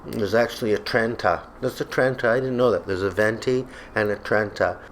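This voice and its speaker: A man's voice: fairly low pitch, brisk, a bit bright, a little hiss or hum. A man delivering a comedic, exasperated rant to camera as a vlogger, sarcastic throughout. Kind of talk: comedic ranting monologue. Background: faint background music.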